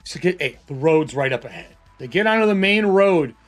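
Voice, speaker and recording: A man's voice: a little high, lively intonation, fairly quick, soft background music. A man narrating a solo tabletop game casually, thinking aloud as he rolls dice.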